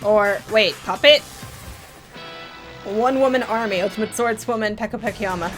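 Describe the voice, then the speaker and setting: A woman's voice: mid-range voice, normal speed, fairly bright tone, faint music behind. A woman hosting a let's play, reacting emotionally to a story game and swearing freely. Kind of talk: casual gameplay commentary.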